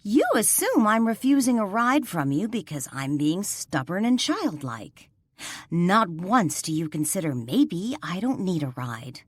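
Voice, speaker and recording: A defiant heroine with a lifted, lively voice, insistent and clipped, as a woman narrator plays her. The recording is dry and close. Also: on the low side, measured pace, slightly rough, no room sound, full character voice.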